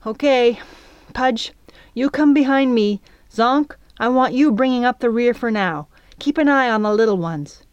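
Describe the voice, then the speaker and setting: Woman putting on a bossy little girl, high and loud, snapping orders fast, dry close sound. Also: smooth, no echo, highs cut off, close to an everyday voice. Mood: commanding. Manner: brisk, commanding whispered orders. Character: bossy young girl leading her friends.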